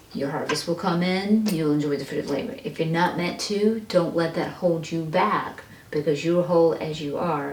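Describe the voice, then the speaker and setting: Low-voiced woman reading tarot. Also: darkish tone, recorded from a distance. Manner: earnest, encouraging, speaks straight to the listener. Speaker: tarot reader. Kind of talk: pick-a-card tarot reading to viewers. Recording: echoey room, mic set back, faint noise.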